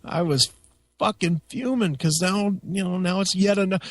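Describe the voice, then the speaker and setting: A man hosting a radio talk show, telling a story in a casual, profane and animated way. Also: high-pitched, moderate pace, dry recording. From United States. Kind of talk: casual chat.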